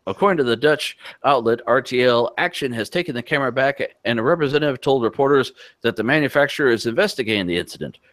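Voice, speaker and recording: A man's voice: mid-range voice, animated, fast, hardly any pauses, fairly bright tone, no echo. A man co-hosting a casual tech podcast, reading news stories aloud and cracking jokes between them. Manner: reads news items aloud with asides and jokes.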